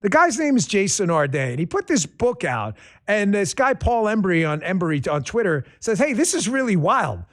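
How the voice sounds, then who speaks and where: A man's voice: high voice, big pitch swings, normal speed, fairly bright tone. A man hosting a political commentary show, talking in a sarcastic, riffing monologue. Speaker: host.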